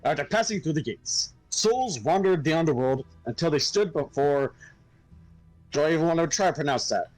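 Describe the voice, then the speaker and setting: A man's voice: on the high side, animated, normal speed, a little mellow, no echo, faint music behind, poor audio. A man casually reading game text aloud, tripping over hard names and joking.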